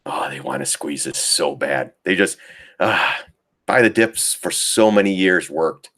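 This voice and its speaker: His voice is low-pitched, animated, pushed and bright, delivered at a measured pace. The man runs a live trading stream with casual chart talk, frequent laughter, and impressions of panicked traders, offering informal live market commentary.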